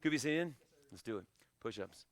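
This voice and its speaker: A man coaching a live online karate fitness class, shouting encouragement and countdowns and joking between sets over a video call. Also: mid-range voice, animated, brisk, no echo. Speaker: karate instructor.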